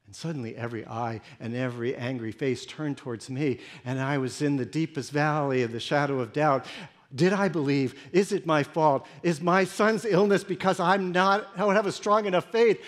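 At a moderate pace and fairly high pitch, a male pastor gives a first-person sermon full of emotion, swinging from quiet, hushed narration to pleading intensity.

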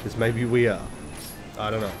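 Low-voiced man rambling over gameplay. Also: flat delivery, moderate pace. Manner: swearing, self-deprecating, rambling. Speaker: let's play gamer. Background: video game music.

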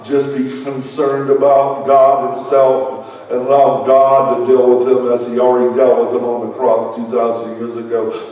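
A man's voice: medium pitch, dark tone, lo-fi sound. A man preaching a sermon as pastor, telling a story with laughs and repeated words. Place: church hall. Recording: echoey hall, mic far off.

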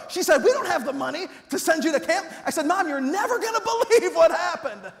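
A man with a very high, bright speaking voice, preaching to a church crowd. He tells his story with big animated swings and acts out every quoted voice. The sound rings with long reverb from the church hall. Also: a little fast, gravelly, hardly any pauses. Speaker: youth pastor. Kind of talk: storytelling sermon. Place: church sanctuary.

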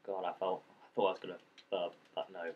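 A man's voice: low voice, level tone, fast, slightly rough, lo-fi sound. A man giving casual let's-play commentary, rambling and joking and talking to the creatures in the game as he plays. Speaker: gameplay commentator.

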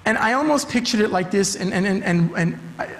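High-voiced man preaching in reverberant church. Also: expressive, brisk. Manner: emphatic, repeats key phrases. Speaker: youth director preaching. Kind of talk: sermon. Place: church sanctuary. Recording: long church hall reverb.

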